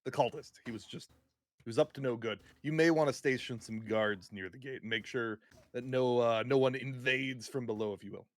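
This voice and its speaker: A man's voice: medium pitch, fairly quick, no echo, natural voice. A man voicing a polite male adventurer giving advice to a guard. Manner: polite, advising.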